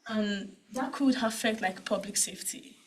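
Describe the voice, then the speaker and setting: A woman's voice: mid-range voice, normal speed, slight background noise, poor audio. A woman with a Nigerian accent speaking at a cybersecurity panel, conversational and full of tag questions and fillers. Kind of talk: conference talk.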